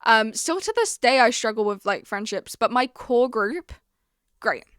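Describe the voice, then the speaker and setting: A woman's voice: a little high, lively intonation, a little slow, fairly bright tone, clean tone, no room sound, studio quality. A young woman hosting her own podcast in casual chat, confiding and chatty, acting out her own stories as she goes. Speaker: podcast host.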